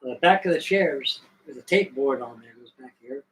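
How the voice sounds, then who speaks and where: A man's voice: medium pitch, lively intonation, moderate pace, fairly bright tone, far from the mic, rough recording. An older man from Virginia, hosting a live stream, spinning a rambling, folksy story with restarts. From Virginia, USA. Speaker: host.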